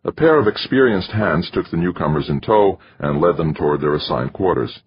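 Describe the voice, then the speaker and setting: Deep, husky male audiobook narrator. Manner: steady, measured reading. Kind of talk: scripted narration. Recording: dry, slightly muffled recording.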